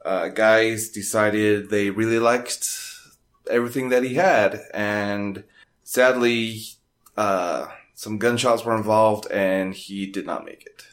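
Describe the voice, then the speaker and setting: A man's voice: fairly low pitch, steady tone, takes it slowly. A man co-hosting a casual podcast, making dry, wry remarks. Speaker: podcast co-host.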